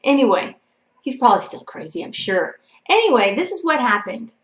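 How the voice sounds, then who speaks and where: A woman's voice: a little high, big pitch swings, moderate pace. Chatty woman telling a story. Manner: chatty and rambling, full of "like" and "you know". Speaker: vlogger. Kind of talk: casual storytelling to camera. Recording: echoey room.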